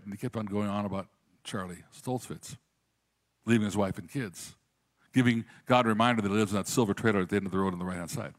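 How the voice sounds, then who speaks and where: A pastor preaching to a congregation, telling a story with lively quoted voices and then speaking more quietly and earnestly. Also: male voice, medium pitch, fairly quick, dry recording. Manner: animated storytelling, raises voice for quoted prayers. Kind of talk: sermon with storytelling.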